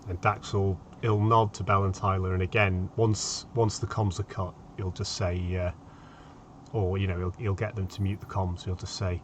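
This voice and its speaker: Low-voiced male tabletop player. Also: normal speed, slight background noise. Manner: relaxed, describes his character's actions. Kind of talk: tabletop game play.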